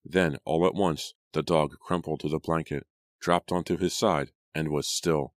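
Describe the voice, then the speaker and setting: Delivering scripted narration, a very deep-voiced man reads an audiobook with steady, measured storytelling. The recording is dry, with clean studio sound.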